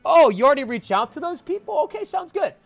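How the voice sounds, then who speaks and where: Animated high-voiced male streamer. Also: fast talker, creaky, soft background music. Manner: animated, swings from mumbled asides to loud protests. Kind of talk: casual live-stream chat with viewers.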